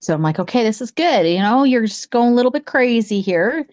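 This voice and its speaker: A psychic podcast co-host, a middle-aged woman, relays a true ghost story conversationally and briskly, animatedly voicing the quotes with large pitch jumps. There's no echo.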